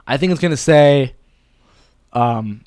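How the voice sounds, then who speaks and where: A man's voice: medium pitch, slow, a little mellow, clear, resonant tone, no room sound, studio quality. A young man vlogging casually, thinking aloud in a rambling, playful way. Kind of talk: casual talking to camera.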